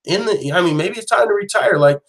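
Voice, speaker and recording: Man, show host, casual profane commentary, lively restarts, slightly high pitch. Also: low-quality recording. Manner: profane, animated, quick restarts. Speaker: host of an MMA news channel.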